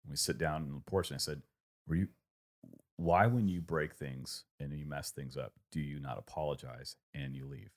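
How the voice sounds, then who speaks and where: Man, 30s, extremely low voice, reflective storyteller with lots of ums. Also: moderate pace. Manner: reflective, rambling storytelling with many fillers. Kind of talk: casual conversation.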